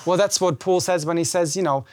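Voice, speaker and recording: A man's voice: a little high, brisk. A man preaching as pastor at a church service, speaking conversationally and animatedly, acting out lines of scripture. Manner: animated, acts out scripture dialogue. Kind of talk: conversational sermon.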